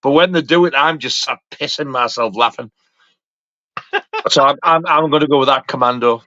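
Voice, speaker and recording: Bright-voiced swearing man. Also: medium pitch, moderate pace, dry recording. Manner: swearing, laughing, mimicking accents. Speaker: guest. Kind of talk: casual chat on a live stream. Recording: dull lo-fi stream audio.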